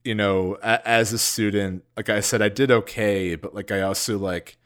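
A man co-hosting a casual book podcast, animated and jokey, loosely rambling with lots of fillers. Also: on the low side, moderate pace. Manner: animated, jokey, reads passages aloud. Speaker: podcast co-host.

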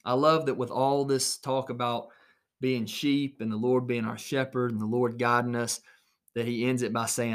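A man's voice: medium pitch, flat delivery, moderate pace. A man preaching an earnest recorded sermon alone in his small office, repeating phrases for emphasis.

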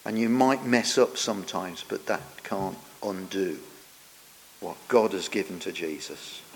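A man preaching a sermon, earnest and explanatory, often trailing off softer at the ends of phrases. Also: low-pitched, measured pace, vocal fry, a little hiss or hum. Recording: long church reverb.

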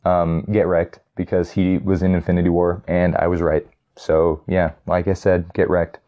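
A young man talks in a casual, rambling way, full of fillers and restarts, clearly enthusiastic about what he is ranking. His voice sits low and sounds mellow and relaxed. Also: normal speed, dull audio. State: getting tired. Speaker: vlogger ranking movies. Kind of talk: casual chat.

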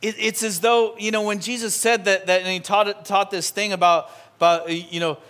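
Man, preacher, slightly high voice, lively storytelling, church sermon. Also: moderate pace. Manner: animated, conversational, acts out scenes. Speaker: pastor. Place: church sanctuary.

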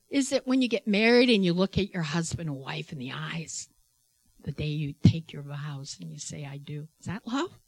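A woman who works in healthcare tells a personal faith testimony in an animated way. She laughs often and acts out the people she quotes. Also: low voice, normal speed, breathy edge, no echo. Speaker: healthcare worker.

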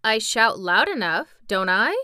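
Woman reading as a young boy, excitable, loud exclaiming, smooth, dry. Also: mid-range voice, a little slow, dry recording. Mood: shouting.

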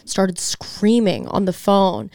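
A woman hosting a podcast, chatting casually and telling stories in a blunt, profane, animated way. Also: mid-range voice, takes it slowly, vocal fry, no room sound, studio quality. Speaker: podcast host and comedian.

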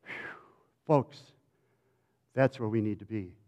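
A male pastor with a high voice preaches a dramatic sermon, rising loud and then dropping to a hush. The recording sounds a little dull. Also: normal speed. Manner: dramatic, swinging from loud to hushed.

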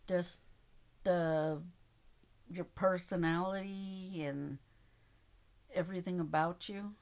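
A woman's voice: fairly low pitch, fairly even intonation, slow pace, darkish tone. A middle-aged woman, the host's mother, giving brief plain answers in a casual interview.

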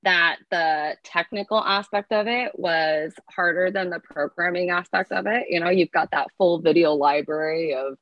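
A woman from California, a fitness coach guest on a podcast, talking in a lively, upbeat way as she thinks her ideas through aloud. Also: on the low side, normal speed, few pauses, no echo, muffled recording. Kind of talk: casual podcast interview.

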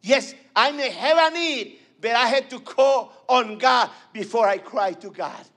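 High, bright-voiced fervent male preacher. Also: measured pace. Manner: fervent, repetitive call-and-response preaching. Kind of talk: sermon.

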